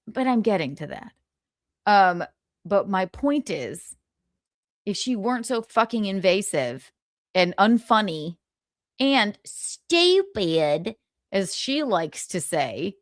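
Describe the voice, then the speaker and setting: A woman hosts a casual gossip livestream at an unhurried, drawn-out pace. She talks sarcastically and rambles, with frequent swearing. The sound is dry and close, with little room echo. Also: mid-range voice.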